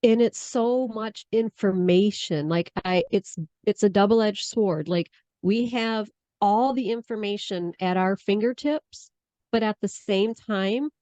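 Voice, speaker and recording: A woman with a slight Southern accent co-hosting a casual talk show, rambling and animated, laughing often. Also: medium pitch, a little slow. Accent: Southern US tinge, Michigan. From Michigan. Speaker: podcast co-host. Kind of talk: casual chat. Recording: dull lo-fi sound.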